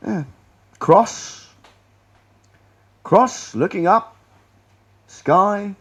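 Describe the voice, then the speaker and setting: A man's voice: on the high side, lively intonation, takes it slowly, pauses often. A man giving a rambling, sarcastic presentation to an audience in a lecture room, often restarting his sentences. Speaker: public speaker.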